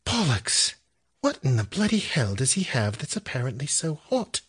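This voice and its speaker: A man voicing a brisk British woman intelligence analyst, with a put-on British accent and bursts of British slang. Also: medium pitch, sing-song, fairly bright tone, husky. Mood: exasperated.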